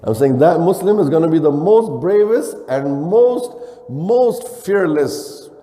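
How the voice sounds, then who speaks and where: Imam preaching in a reverberant hall. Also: male voice, fairly high pitch, animated, slow pace, mellow. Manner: preaching with Arabic phrases mixed in, rhetorical questions, acting out quotes. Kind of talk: sermon. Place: mosque hall.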